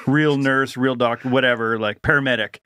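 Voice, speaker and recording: Rambling podcast co-host, male, mid pitch. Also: steady tone, brisk, sharp tone, dry recording. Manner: rambling storyteller, builds hypothetical scenes. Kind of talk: casual comedic chat.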